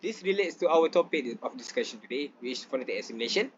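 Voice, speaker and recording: A young man giving a student class presentation, reading from slides with pauses and restarts. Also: medium pitch, expressive, muffled recording, slight background noise. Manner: reads from slides with frequent fillers and restarts.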